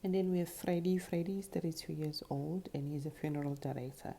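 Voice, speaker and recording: A woman giving a casual, chatty recap of a show's cast, tossing in quick sassy asides. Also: deep voice, fairly even intonation, gravelly, dark tone, slight background noise. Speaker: reality show commentator. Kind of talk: casual show recap to camera.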